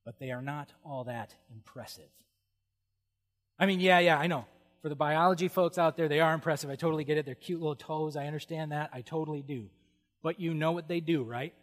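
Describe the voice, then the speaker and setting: A middle-aged male pastor preaching with lively humor and frequent exclamations of awe. His voice sits a little higher than most men's and rings with the long reverb of a big hall. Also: a little fast. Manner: animated, humorous, exclaims "whoa". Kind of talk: sermon.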